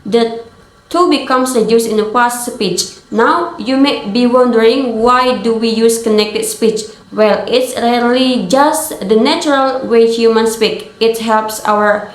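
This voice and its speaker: A woman's voice: fairly high pitch, measured pace. A young woman student reading a class presentation aloud, steadily explaining terms with spoken examples. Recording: roomy echo.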